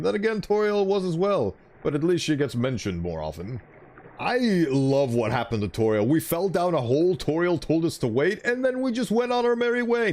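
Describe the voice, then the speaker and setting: A man's voice: a little high, darkish tone. A man streaming a game, chatting casually and playfully and laughing often. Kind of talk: casual game commentary with voiced dialogue.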